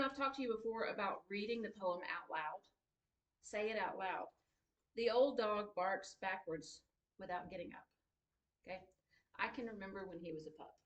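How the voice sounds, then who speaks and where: A woman teaching a high school writing class, briskly explaining and tapping out syllable rhythms. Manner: lively, brisk, reads lines aloud and beats rhythm with syllables. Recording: echoey classroom from a distant mic.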